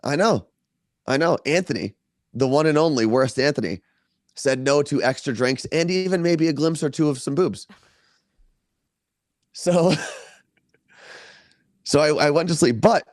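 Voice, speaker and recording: A man's voice: fairly high pitch, lively intonation, measured pace, pauses often, dry recording, clean studio sound. A man co-hosting a podcast, telling a long story in casual chat from a hotel room and laughing often. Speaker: podcast co-host.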